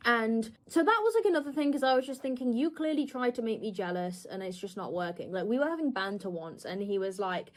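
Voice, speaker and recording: A woman's voice: a little high, animated, fairly quick, few pauses. Young woman telling a candid story. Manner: candid, swearing, acting out quotes. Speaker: streamer. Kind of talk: casual storytelling chat.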